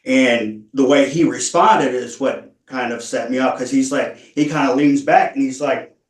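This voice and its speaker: A man speaking at a parole hearing, earnest and halting, stumbling through many restarts as he explains himself. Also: medium pitch. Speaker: parole applicant. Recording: echoey room, far from mic.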